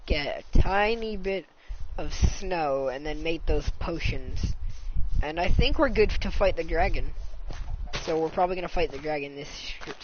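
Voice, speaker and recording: A man chatting through a live game stream in a flat, tired-sounding delivery, dropping casual swears as he plays. His voice sits at a middling pitch and comes through a muffled, lo-fi mic with a faint hiss underneath. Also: moderate pace. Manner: low-energy, monotone, swears casually. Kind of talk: casual live gameplay commentary.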